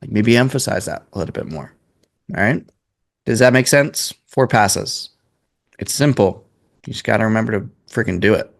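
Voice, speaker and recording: A man's voice: fairly low pitch, normal speed, vocal fry. A man in his twenties coaching a sales class in a casual, blunt way, swearing freely. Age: 20s.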